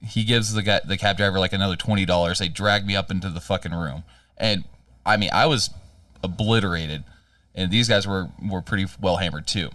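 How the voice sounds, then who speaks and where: A man's voice: sits low, fairly quick, a bit bright, no room sound, clean studio sound, far from the mic. A man co-hosting a podcast, telling a rambling, profane story in casual chat. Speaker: podcast co-host.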